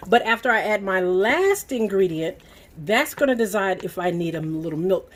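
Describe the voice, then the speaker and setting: A woman's voice: medium pitch, animated, normal speed. Southern lady chatting to y'all while she stirs a pot in her kitchen, middle-aged, medium voice. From Southern United States. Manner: folksy, talks straight to viewers while stirring. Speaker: cooking channel host. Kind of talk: chatty cooking demonstration. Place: home kitchen.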